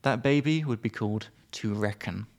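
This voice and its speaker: A man's voice: fairly low pitch, moderate pace, darkish tone. A man with a British accent co-hosting a casual podcast, explaining words with playful examples. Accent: British English. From Britain. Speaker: podcast co-host, English teacher.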